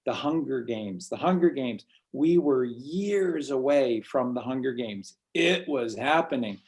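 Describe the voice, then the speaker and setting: A man's voice: mid-range voice, animated, unhurried, darkish tone. Rambling man in casual spiritual talk. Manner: rambling, repeats words and restarts often. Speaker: host.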